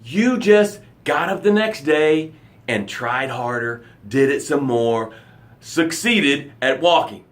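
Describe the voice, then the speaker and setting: A man's voice: fairly high pitch, a little slow. A man hosting a live motivational broadcast as a coach, talking energetically and reading out viewer comments. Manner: energetic, animated, reads viewer comments aloud.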